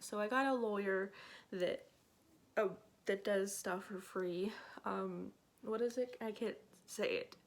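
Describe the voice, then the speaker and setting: A woman's voice: medium pitch, steady tone, measured pace. A woman at home telling a personal story in casual storytime chat, with many filler words, acting out what she said back then. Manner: chatty, many "like" fillers, acts out her own past lines. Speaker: storyteller vlogger.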